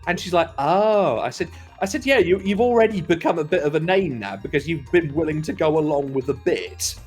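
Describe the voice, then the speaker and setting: A man's voice: on the high side, fairly quick, soft background music. Swearing Welsh man telling rambling stories. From Wales. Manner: rambling storyteller, swears freely, lively laughter. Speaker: co-commentator. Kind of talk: casual chat.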